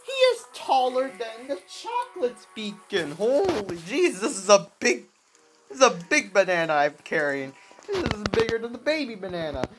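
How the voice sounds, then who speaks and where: A young woman giving excited commentary over her gameplay, full of exclamations, repeats and restarts. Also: on the high side, moderate pace, music in the background. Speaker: gaming video creator.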